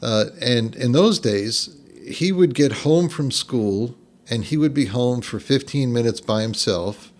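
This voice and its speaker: A man's voice: medium pitch, unhurried, a little mellow. An older man from New Jersey spins a long family story as a podcast guest. He rambles along in an easy, conversational way, circling back with "so" and "anyway" and chuckling at his own tale. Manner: rambling, lots of fillers and restarts, laughs at his own story. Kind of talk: casual storytelling.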